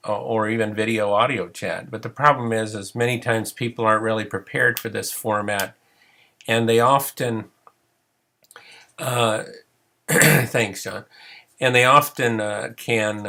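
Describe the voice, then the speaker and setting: Gravelly middle-aged man, fading voice. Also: mid-range voice, sharp tone. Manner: chatty, rambling with many fillers. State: losing his voice. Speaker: counseling supervision trainer. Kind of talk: casual online training webinar.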